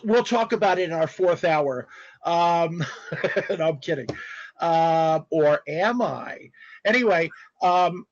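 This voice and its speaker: A man telling stories as a guest in a casual interview, animated and rambling, with spoken sound effects. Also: high-pitched, dry recording. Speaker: guest artist. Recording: dull lo-fi dry audio.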